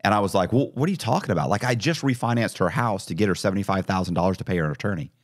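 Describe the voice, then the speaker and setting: Middle-aged male guest, very low voice, dry close sound, animated storyteller. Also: very fast, dry recording. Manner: animated, acts out quoted dialogue. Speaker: podcast guest. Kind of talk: casual storytelling interview.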